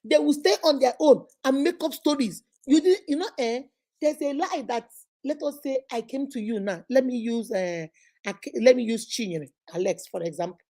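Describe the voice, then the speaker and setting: High-voiced woman giving lively advice. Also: moderate pace. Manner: animated, preachy, mimics voices and laughs often. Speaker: host. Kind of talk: motivational talk on relationships.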